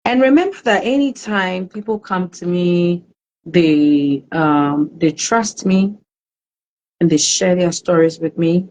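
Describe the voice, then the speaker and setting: A woman hosting a live-streamed talk show, greeting viewers by name and chatting in a warm, emotional way. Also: on the low side, slow, poor audio. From Ghana. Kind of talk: casual live-stream chat.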